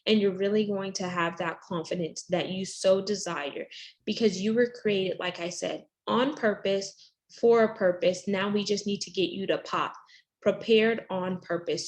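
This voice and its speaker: A woman life coach, a podcast guest, explaining mindset exercises in a motivational, affirming way. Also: medium pitch.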